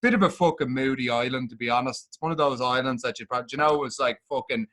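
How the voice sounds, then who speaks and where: A man's voice: mid-range voice, fast talker, fairly bright tone. A man co-hosting a podcast, chatting bluntly and swearing a lot while telling a story. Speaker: podcast co-host. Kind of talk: casual chat.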